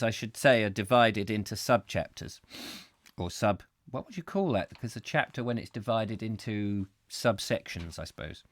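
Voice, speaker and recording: A man's voice: on the low side, no room sound, clean studio sound. A man hosting a live book reading, chatting between passages and laughing at his own slips over words. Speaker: host reading a book aloud. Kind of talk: live-streamed book reading with chat asides.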